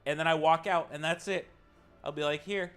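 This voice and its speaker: A man chatting to his stream audience and telling a story in a lively, slightly high voice. He swears casually and slips into quick impressions of the people in the tale. Soft music plays quietly behind him. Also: clear, resonant tone. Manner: animated, swears casually, mimics people in quotes.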